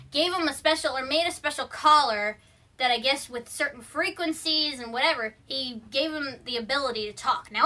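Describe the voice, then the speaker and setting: Bright, high-voiced young woman rambling. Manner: rambling, full of fillers and restarts. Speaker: vlogger. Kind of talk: casual film retelling. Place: room at home.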